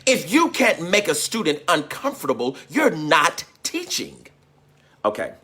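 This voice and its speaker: A man's voice: a little high, huge pitch swings, unhurried, pushed and bright, breathy edge. A man hosting a livestream as a teacher, talking in a fervent, preaching style, repeating his phrases and calling out viewers by name.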